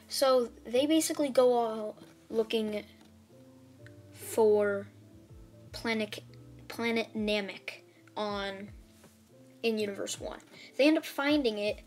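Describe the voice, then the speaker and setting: A woman casually retelling a fan-made story for her channel, rambling with many fillers and restarts. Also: medium pitch. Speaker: channel host.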